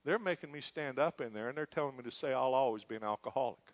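A man's voice: mid-range voice, fast, close to an everyday voice. Pastor playing a plain-spoken white-haired guy, firm but polite, dull lo-fi audio. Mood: earnest. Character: earnest reformed drinker, older white-haired man.

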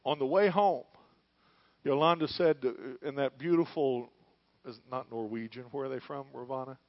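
A middle-aged male pastor preaching a sermon in church, moving between quiet, hushed lines and loud, fervent calls. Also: medium pitch, moderate pace, no echo, dull audio. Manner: preaching, swings from hushed to shouting.

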